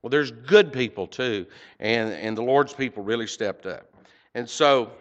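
A man giving a heartfelt report to a church congregation, halting and emotional, with many fillers. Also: medium pitch, lively intonation, a bit bright, dull audio. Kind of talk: storytelling church talk. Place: church sanctuary.

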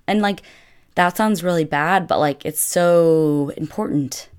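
A woman's voice: on the low side, unhurried. A young woman telling a travel story in a casual, chatty way, filling her speech with "like". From United States. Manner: chatty, filler-heavy, lots of "like". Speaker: vlogger.

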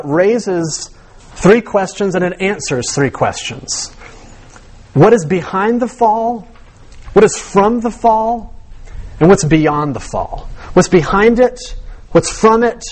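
Casting note: higher-voiced male pastor, animated sermon delivery, questions to the congregation. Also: measured pace. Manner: animated teaching with rhetorical questions and repeated words.

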